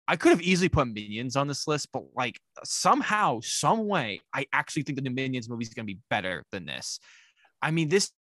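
Man, podcast co-host, blunt casual talk, forceful bright tone, dry close sound. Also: mid-range voice, no room sound. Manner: blunt, swears freely. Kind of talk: casual chat.

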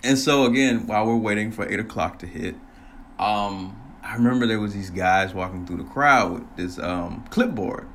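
A man casually telling a personal story, animated, laughing often and swearing freely. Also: on the low side, moderate pace, a little hiss or hum.

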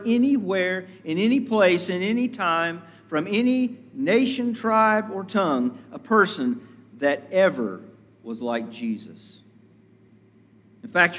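A pastor delivers his sermon in an unhurried, deliberate cadence, leaning on repetition for weight. His voice sits a little high for a man. It rings out with the long reverb of a church sanctuary. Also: a bit bright. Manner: slow, measured preaching with emphatic repetition.

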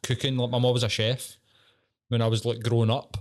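A Scottish man hosting a podcast, chatting in a sweary, joking, animated way. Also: medium pitch, fairly quick. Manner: sweary, banter-heavy and animated. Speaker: podcast host. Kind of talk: casual chat.

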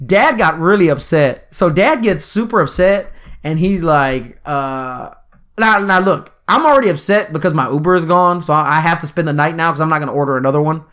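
A man's voice: fairly high pitch, brisk, a bit bright. A man in his twenties telling a rambling, profane story in casual chat, often putting on voices for the people in it.

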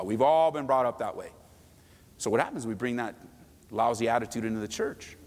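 Lively male pastor in a reverberant hall. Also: medium pitch, moderate pace. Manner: animated, acts out quoted voices, asks the crowd. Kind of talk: sermon. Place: church sanctuary.

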